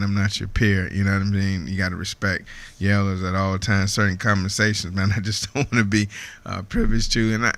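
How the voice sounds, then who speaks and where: A man in his fifties talks loosely to his radio listeners, laughing as he goes and leaning on fillers. His voice sits low yet sounds bright and forceful. The studio sound is dry and close. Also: no room sound. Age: 50s. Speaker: radio host. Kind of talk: casual radio monologue.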